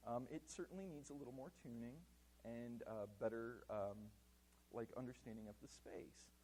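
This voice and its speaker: A man giving a casual conference talk in a hall, animated and self-deprecating, with plenty of fillers. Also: medium pitch, a little hiss or hum. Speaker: conference speaker.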